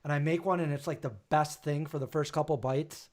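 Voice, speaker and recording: A man with a fairly high voice hosts a relaxed livestream chat. He rambles from one thought to the next and breaks in with frequent exclamations. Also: brisk. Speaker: show host.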